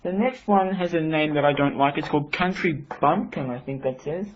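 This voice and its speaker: A reviewer demonstrating software, explaining things step by step with many restarts. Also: mid-range voice, fairly quick. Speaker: product reviewer. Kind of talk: casual demonstration. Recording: dull home recording, faint hiss.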